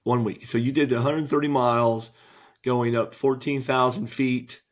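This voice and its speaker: Relaxed man hosting a podcast. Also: mid-range voice, normal speed. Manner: relaxed, friendly questioning. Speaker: podcast host. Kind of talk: casual podcast interview.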